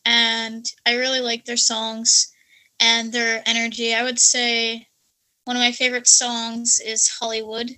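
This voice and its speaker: A woman from Russia, chatting as a podcast guest, enthusiastic and quick to laugh. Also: a little high, level tone, pushed and bright, rough recording. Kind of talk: casual podcast chat.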